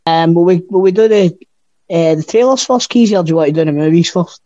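A man's voice: high voice, fast talker, warm tone, no room sound, dull audio. A Scottish man co-hosting a podcast, chatting casually with blunt, sweary banter. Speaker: podcast co-host. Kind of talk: casual chat.

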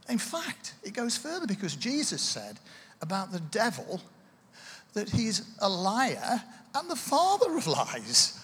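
Male preacher, conversational sermon delivery, slightly high husky voice, reverberant hall. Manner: conversational, self-deprecating, lively with asides and laughs. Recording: echoey hall, distant reverb.

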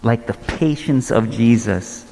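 A man in his thirties preaching a sermon, casual and animated, telling stories with quick asides. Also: mid-range voice, vocal fry, big-room sound. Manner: conversational, animated storytelling with asides. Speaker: pastor.

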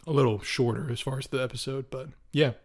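Young male podcast co-host, casual storyteller, animated. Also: mid-range voice, fast. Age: young adult. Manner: animated storyteller, acts out quotes, frequent ums and throat clearing.

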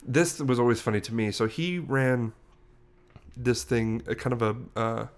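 In an unhurried, medium-pitched voice, a young podcast co-host rambles through a story and amends his own statements as he goes. It's a casual podcast conversation.

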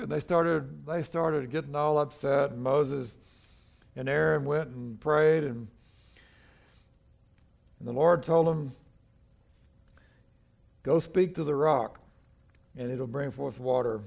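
A man's voice: fairly high pitch, steady tone, slow pace, creaky, pauses often, a little mellow. An older male pastor preaching a sermon in a conversational way, acting out the people in the story as he goes.

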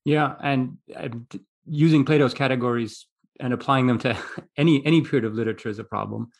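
Gravelly male interviewer thinking aloud. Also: mid-range voice, brisk. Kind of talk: conversational interview questions.

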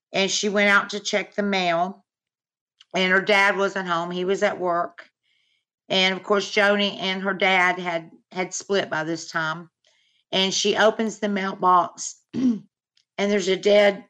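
A middle-aged woman, a mother, recounting a personal story as a podcast guest, halting and earnest with many fillers. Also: medium pitch, a bit bright. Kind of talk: personal account in podcast interview.

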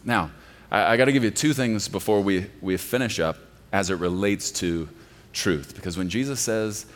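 A male pastor delivering a sermon, swinging from quiet, low passages to loud, emphatic ones. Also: moderate pace. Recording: long reverb of a large hall.

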